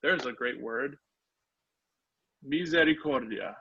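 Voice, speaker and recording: A man's voice: mid-range voice, moderate pace, fairly bright tone. A male instructor teaching a live online class, sounding out words syllable by syllable. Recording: dull lo-fi online call audio.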